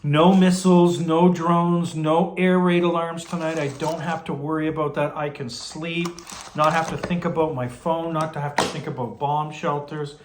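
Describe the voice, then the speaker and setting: A man's voice: a little high, little pitch movement, moderate pace, echoey room, a little hiss or hum. Tired, rambling man. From Canada. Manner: rambling, enthusiastic, chatty. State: tired, voice going hoarse. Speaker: pipe tobacco vlogger. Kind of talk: casual vlog chat.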